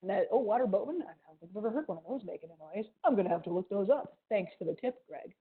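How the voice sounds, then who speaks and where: A museum educator with a mild Ohio accent gives an animated, playful science lesson to children over a video call, adding little sound effects. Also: female voice, medium pitch, fast talker, breathy edge. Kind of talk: live online science lesson for kids. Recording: tinny video call audio.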